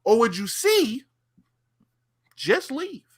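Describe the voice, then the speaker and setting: A man co-hosting a podcast in casual chat, an animated storyteller who repeats himself and uses lots of fillers. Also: extremely high pitch, slow. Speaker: podcast co-host.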